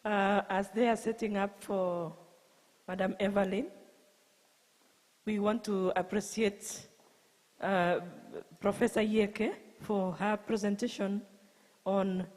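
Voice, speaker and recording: A woman's voice: medium pitch, steady tone, a little mellow. Kenyan lady with kalenjin accent chairing a conference session, stops and restarts a lot, hall reverb. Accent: Kenyan English, Kalenjin. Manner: halting, many restarts and fillers. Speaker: session moderator. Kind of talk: conference Q&A moderating.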